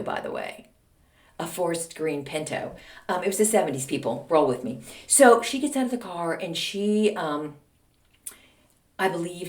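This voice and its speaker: A middle-aged woman hosts a podcast and tells stories in a lively, chatty way. Her voice sits a little low, and her asides to the listeners sound casual. The room around her is echoey. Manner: animated, chatty, addresses listeners as "people". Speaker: podcast host. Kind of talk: casual anecdotal storytelling.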